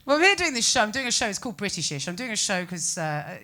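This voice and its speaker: A British woman performing a stand-up comedy set, ranting with incredulous, animated exclamations. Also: medium pitch, fast. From Britain.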